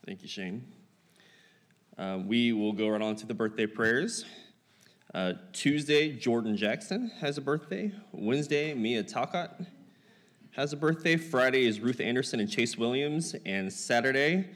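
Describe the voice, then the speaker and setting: A man leading a Sunday church service, welcoming people, reading birthdays and praying, in a relaxed, lightly joking manner with frequent fillers. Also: mid-range voice, a little slow. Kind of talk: church announcements and prayer. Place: church sanctuary. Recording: long hall reverb.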